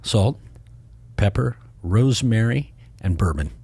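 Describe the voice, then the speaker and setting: Low husky man telling stories. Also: measured pace. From Kansas City, Missouri. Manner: rambling, animated, acts out quoted voices. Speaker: podcast guest. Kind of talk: casual storytelling.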